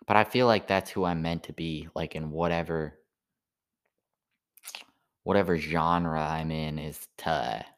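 A sleepy man rambling through a halting stand-up style monologue full of "like" fillers. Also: rumbling low, fairly even intonation.

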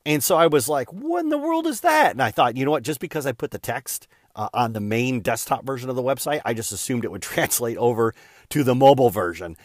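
Male host, mid-pitched, dry close sound; loose, candid storyteller full of fillers. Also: fast, no room sound. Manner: rambling, frequent fillers and "da, da, da" asides; candid, self-deprecating. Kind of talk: casual storytelling monologue.

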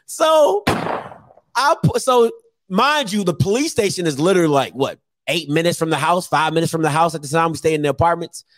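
Man, comic storytelling, animated, laughing, lively pitch, dry sound. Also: normal speed, no room sound. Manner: animated, laughing, acting out voices.

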